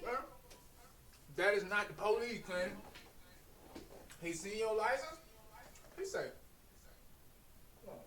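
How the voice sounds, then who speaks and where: A man hosting a reaction video, cutting in with loud, teasing jokes. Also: high-pitched, sing-song, unhurried, long pauses, slight background noise. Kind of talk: casual reaction commentary. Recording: roomy, distant mic with faint background.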